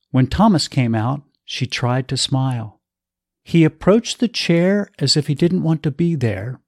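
A man narrating a scripted story with a slow, measured reading style. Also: mid-range voice, darkish tone, no room sound, studio quality.

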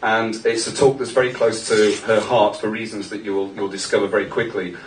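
A man's voice: on the low side, little pitch movement, fairly quick. A man opens a live evening and introduces a speaker, stumbling through fillers in an easy, casual way. The sound is roomy and far from the mic, with faint hiss underneath. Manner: hesitant, filler-heavy, warm toward the speaker. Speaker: event host introducing a speaker. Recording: echoey room, distant mic, faint noise.

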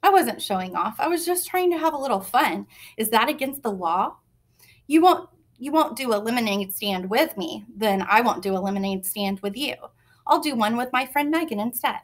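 A woman's voice: on the high side, animated, moderate pace. A woman voicing a bold, smug young girl in a storybook reading. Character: small bold girl, smug little sister.

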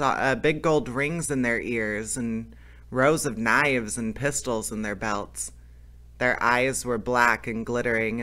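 A man's voice: mid-range voice, sharp tone, smooth. A man reading a fairy tale aloud as a storyteller, with plain storybook narration and small slips.

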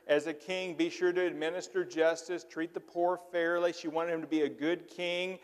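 A middle-aged man with a soft Southern accent delivers a sermon in an easygoing, conversational style, dotting it with "uh"s. His voice is somewhat high for a man. It echoes with the long reverb of a church sanctuary. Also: fairly even intonation, moderate pace, few pauses. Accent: slight Southern US. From southern Illinois. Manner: folksy, conversational, with frequent filler words. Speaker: pastor.

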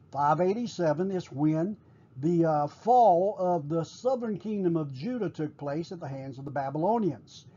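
A man teaching a recorded class, explaining at a measured pace with frequent pauses and fillers. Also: high-pitched, warm tone, husky, dull audio.

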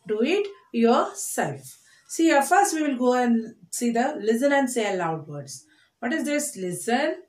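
A woman teaching a class to children. She speaks slowly and deliberately, repeating each word and breaking it into syllables. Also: fairly high pitch. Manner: slow, deliberate, repeats words and spells them out in syllables. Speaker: English teacher. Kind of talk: online classroom lesson. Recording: echoey room.

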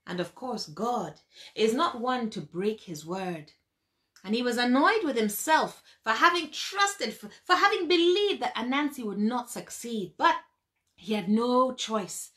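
Woman storyteller, expressive narration, slow, bright voice, sound effects, vivid emphasis. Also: a little high.

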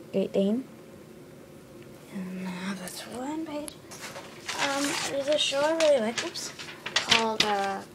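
Girl showing off her drawings, kinda high voice, lots of ums n sorry, hissy noisy recording. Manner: hesitant, full of ums and quick self-corrections. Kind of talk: casual show-and-tell.

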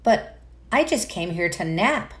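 A woman's voice: on the low side, sing-song, unhurried, roomy sound. A woman voicing a sleepy, puzzled young male dog in a picture book, sounding a little hesitant.

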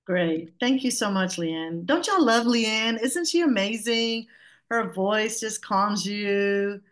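A woman's voice: mid-range voice, takes it slowly. Playful Southern woman on a video call. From Georgia, US South. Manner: chatty, playful, self-joking. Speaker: guest speaker. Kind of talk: webinar presentation.

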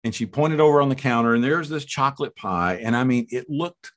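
Animated storytelling preacher man. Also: mid-range voice, fairly quick. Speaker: guest preacher. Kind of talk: storytelling sermon.

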